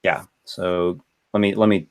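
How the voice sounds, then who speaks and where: A man's voice: deep voice, little pitch movement, unhurried, clean tone. A man running a tabletop game as game master, talking loosely and thinking aloud. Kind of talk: casual tabletop game talk.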